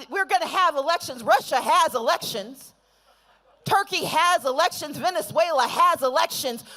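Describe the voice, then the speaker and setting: High-voiced woman giving a rousing rally speech. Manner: builds to chanted, shouted refrains. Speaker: rally speaker. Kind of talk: rousing protest speech with call-and-response. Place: outdoor rally in a city.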